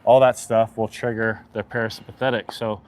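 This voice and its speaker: A man working as an equine chiropractor, calmly explaining a hands-on demonstration with a horse and softly soothing it. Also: fairly low pitch, brisk.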